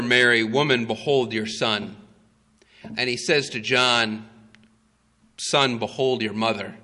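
A man preaching a sermon, telling the story slowly and with emphasis, with frequent "uh" fillers. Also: mid-range voice, sharp tone. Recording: long hall reverb.

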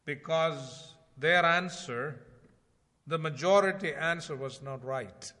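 A man preaching a sermon in a conversational way, asking rhetorical questions and swinging between loud emphasis and quiet asides. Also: on the high side, takes it slowly. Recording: long hall reverb.

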